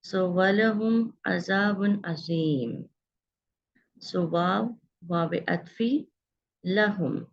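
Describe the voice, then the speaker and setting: Woman grammar teacher, low gravelly voice, patient and explanatory, dull lo-fi class audio. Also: moderate pace. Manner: patient, explanatory, checks in with students. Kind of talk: online grammar lesson.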